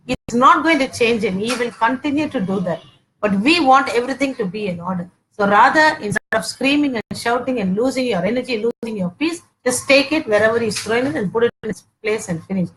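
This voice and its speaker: Woman, 40s, marriage teacher; talks in repeated, emphatic points, slips into acted quarrels; slightly high voice, light noise. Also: expressive, fairly quick, fairly bright tone, low-quality recording. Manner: repeats herself often, peppers talk with "okay", acts out domestic quarrels.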